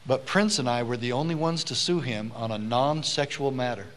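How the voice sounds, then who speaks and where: A man's voice: mid-range voice, normal speed, very noisy. A former sheriff giving an emphatic public speech to a live audience, telling stories and acting out the people he quotes. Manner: emphatic, swells to loud rallying stresses; storytelling, acts out the people he quotes. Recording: long hall reverb.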